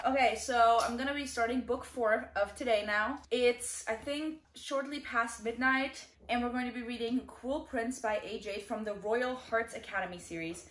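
A woman's voice: fairly high pitch, normal speed, hardly any pauses. A tired young woman chatting casually as a book vlogger, rambling and reacting dramatically. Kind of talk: casual vlog chat. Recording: echoey room.

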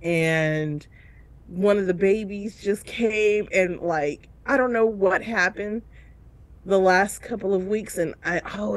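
A woman's voice: medium pitch, no room sound. A woman co-hosting a casual review chat, recounting a painful story and acting out the people in it with big leaps of voice. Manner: emotional storytelling with big voiced reenactments, laughing through tears. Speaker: co-host of a reality show review podcast.

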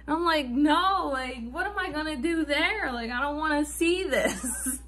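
Young woman, high bright voice, casual vlog storytelling, swears, laughs nervously. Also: unhurried, slight background noise. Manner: chatty, swearing, nervous laughter between lines. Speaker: vlogger.

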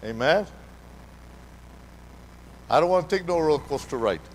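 A man preaching a sermon as pastor, animated, calling out to the congregation and repeating his words. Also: on the high side, moderate pace, poor audio. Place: church hall during a live service.

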